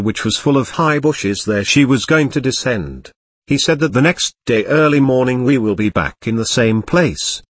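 A man narrating a children's story in an even, unhurried reading voice. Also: mid-range voice, no room sound. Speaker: audiobook narrator. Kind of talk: scripted narration.

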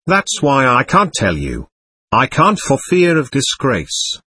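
A man's voice: medium pitch, huge pitch swings, takes it slowly, bright, forceful tone, slightly rough, full character voice. A man reading the part of a proud young man under questioning, bitter and scornful in an audiobook. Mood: defiant.

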